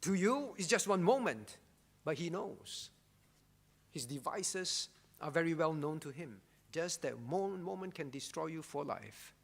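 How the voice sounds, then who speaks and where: In a church hall with long reverb, a male pastor with a notably high, creaky voice preaches a sermon. He's animated yet unhurried, emphatically repeating key phrases and tossing out rhetorical questions, often a drawn-out "all right?", to drive each point home.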